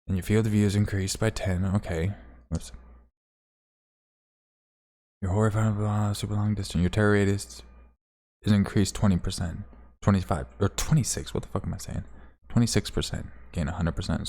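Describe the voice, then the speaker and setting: A man's voice: low-pitched, darkish tone. A man chatting casually on a livestream while he plays, rambling, swearing now and then and thanking viewers. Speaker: game streamer.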